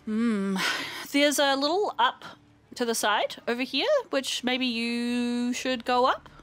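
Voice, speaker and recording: A woman co-hosting a let's play, chatting casually and excitedly while playing. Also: on the high side, takes it slowly. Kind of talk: casual gameplay chat.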